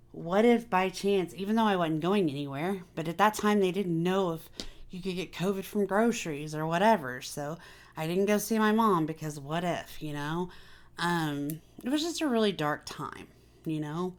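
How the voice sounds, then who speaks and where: Low-voiced woman in candid chat. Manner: candid, confiding, many fillers. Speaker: vlog host. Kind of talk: casual personal chat.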